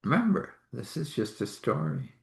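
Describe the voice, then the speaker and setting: His voice is mid-range, creaky, and sing-song, moving at a normal speed as he hosts a live meditation talk with stories. A spiritual healer by trade, he rambles in a friendly, talkative manner, laughing and excusing himself for yawning.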